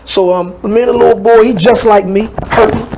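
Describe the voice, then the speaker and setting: A man guest telling a personal story in an animated way, acting out the voices in it. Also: high voice, a little fast, vocal fry, noisy background. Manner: animated, acts out voices in his stories.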